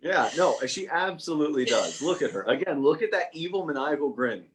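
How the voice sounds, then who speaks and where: A man as guest on a casual video-call chat, joking deadpan and rambling. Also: a little high, a little fast, slight background noise.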